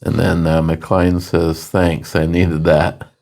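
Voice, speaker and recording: Slow, deep-voiced man reading chat comments. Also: monotone, vocal fry, a little mellow. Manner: joking, reads viewer comments aloud. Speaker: beer review co-host reading chat comments. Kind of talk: casual chat.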